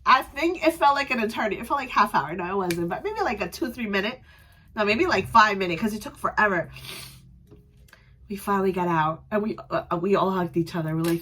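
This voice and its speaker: A young adult woman vlogger telling a story in a casual, chatty way, animated and quick to laugh. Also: fairly low pitch.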